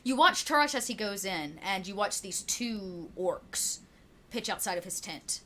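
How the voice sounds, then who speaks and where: A woman's voice: mid-range voice, animated, a little slow, a bit bright, slight background noise. A woman narrating as game master of a tabletop game, chatty, with many fillers and frequent laughs.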